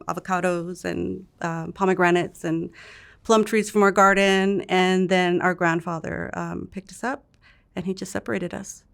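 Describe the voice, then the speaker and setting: Low, flat-voiced woman recalling childhood. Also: clear, resonant tone. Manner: halting, soft-spoken with restarts. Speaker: interview guest. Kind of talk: recounting a childhood memory.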